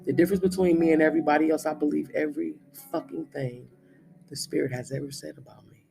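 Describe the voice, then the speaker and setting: A man's voice: on the high side, steady tone, quick pace, vocal fry, darkish tone, faint music behind. A man in his thirties, a spiritual reader, giving a blunt, profane, emphatic monologue. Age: 30s.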